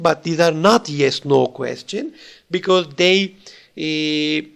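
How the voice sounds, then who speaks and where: तुर्की लहजे वाला पुरुष प्राध्यापक, हल्की खरखराहट वाली थोड़ी ऊँची आवाज़, धैर्य से समझाता हुआ।. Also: male voice, a little high, creaky. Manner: explains patiently, switching between languages, with frequent fillers. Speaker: lecturer. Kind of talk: recorded university lecture.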